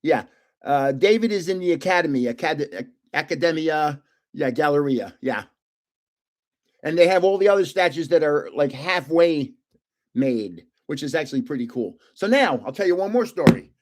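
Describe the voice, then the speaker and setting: Older New man, rambling and high-voiced. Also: expressive, moderate pace. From New Jersey. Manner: rambling, with frequent restarts and trailing asides. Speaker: live stream host. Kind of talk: casual storytelling.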